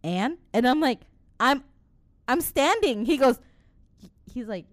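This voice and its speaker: A woman's voice: high-pitched, big pitch swings, slow, dry recording. A woman in her late twenties telling a story in casual chat, acting out quotes, swearing freely and laughing often.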